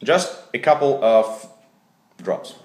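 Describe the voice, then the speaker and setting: A man with a Russian accent hosting a deadpan comedy recipe video, hesitating often with fillers. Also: mid-range voice, slow. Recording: echoey room.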